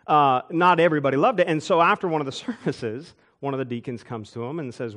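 A man preaching a sermon, telling church stories with quick asides and chuckles. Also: medium pitch. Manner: animated storytelling with asides and chuckles. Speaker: pastor. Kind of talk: storytelling sermon.

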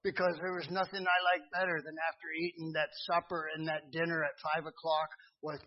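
A middle-aged man preaching a sermon, telling a personal testimony and swinging from hushed to loud. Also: fairly high pitch, level tone, fairly quick. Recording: dull lo-fi sound.

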